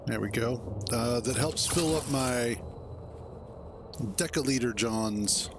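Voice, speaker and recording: A man in the middle of a gameplay stream, talking slowly and easily at an ordinary pitch. He rambles from one thought to the next and chuckles to himself. Loud game sounds run under his voice. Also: background noise. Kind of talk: casual gameplay commentary.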